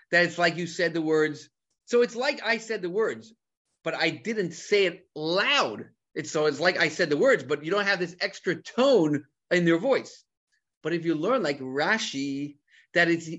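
A man giving an animated Talmud lecture, mixing Hebrew terms into English and asking rhetorical questions. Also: high voice, dull audio. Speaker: Torah teacher.

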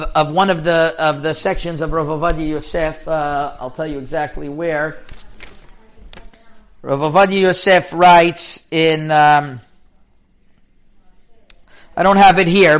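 Man playing a rabbi lecturer, high-pitched and emphatic, talks in rapid bursts with restarts and Hebrew terms. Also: fairly bright tone. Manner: mixes in Hebrew and yeshiva terms. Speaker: rabbi teaching Jewish law. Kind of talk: Torah lecture.

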